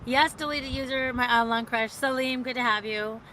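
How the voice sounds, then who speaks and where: A woman's voice: on the high side, fairly even intonation, moderate pace, bright, forceful tone, a little hiss or hum, poor audio. A woman hosting a casual livestream, chatting in a rambling way and reading out viewer comments. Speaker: livestream host.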